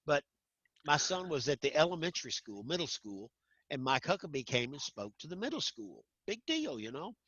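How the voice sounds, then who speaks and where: Middle-aged man, animated raconteur with a bright, lively voice; dull dry recording. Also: fairly high pitch, normal speed, slightly rough, dry recording. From Arkansas. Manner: animated, acts out voices in anecdotes. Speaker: guest storyteller. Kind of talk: casual storytelling chat. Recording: dull lo-fi sound.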